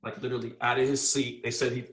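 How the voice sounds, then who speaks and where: A man telling a story as a podcast guest, animated and full of slang, acting out the other people's lines. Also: mid-range voice, fast talker, reverberant. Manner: animated, acts out quoted dialogue with slang. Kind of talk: casual storytelling.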